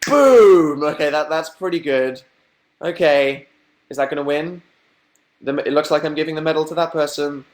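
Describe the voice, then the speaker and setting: A man's voice: little pitch movement, moderate pace. Chatty young man livestreaming. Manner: chatty storytelling, acting out quotes in higher voices, laughing. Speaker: livestream host. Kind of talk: casual livestream chat.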